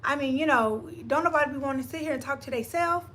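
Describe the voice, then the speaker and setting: A woman's voice: sits high, quick pace, noisy background. A woman with a Southern US accent co-hosting a live stream in casual chat, playful and laughing often as she talks to her viewers.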